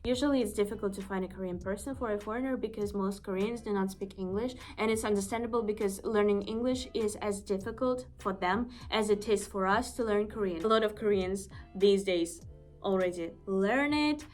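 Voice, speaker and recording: Young woman vlogging, talks a lot, leans on her points, mid pitch, soft music behind. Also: a little fast. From Estonia. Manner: chatty, emphatic, repeats her points. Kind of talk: casual chat to camera.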